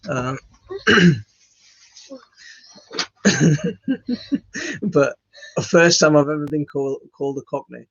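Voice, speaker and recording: A man's voice: a little high, very animated, takes it slowly, pauses often, fairly bright tone, breathy edge, no echo. A man chatting casually to camera as the host of a home gardening channel, rambling and self-deprecating with many fillers and restarts. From West Yorkshire, England. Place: home studio, indoors. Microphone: phone. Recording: dull lo-fi phone audio.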